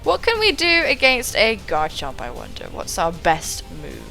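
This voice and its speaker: Lively woman calling a live game. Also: mid-range voice, a little slow, gravelly, faint music behind. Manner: excitable, swears casually, thinks aloud. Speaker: gaming channel host.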